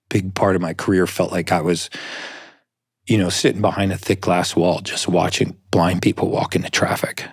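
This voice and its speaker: A man with a low, slightly husky voice talks as an interview guest. He explains in an earnest, candid way, with a dry, close sound. Thoughts come in short, restarting phrases. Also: no echo. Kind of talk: conversational interview.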